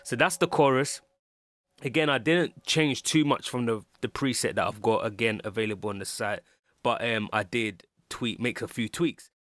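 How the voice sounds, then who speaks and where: A man's voice: medium pitch, normal speed, a bit bright, no echo, clean studio sound. A man with a London English accent, a music producer talking through a casual tutorial, rambling with lots of ums and restarts. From England.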